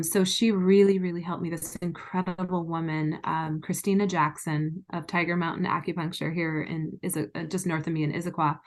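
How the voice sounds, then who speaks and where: A woman guest in an interview, telling her own story in an earnest and emotionally frank way. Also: lowish voice. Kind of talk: candid personal storytelling.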